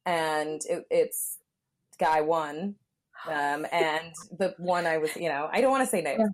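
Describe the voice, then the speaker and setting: A woman's voice: low-pitched, a little slow. A young woman chatting casually and frankly, with lots of fillers, acting out what people said. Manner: candid and frank, many fillers, acts out quotes. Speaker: guest telling a story. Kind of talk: casual chat.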